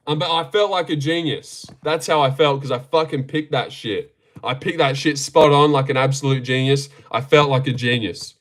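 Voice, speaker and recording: Bright-voiced streamer, crude and joking. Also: male voice, a little high, normal speed. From Australia. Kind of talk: live-stream reaction chat, reading chat aloud.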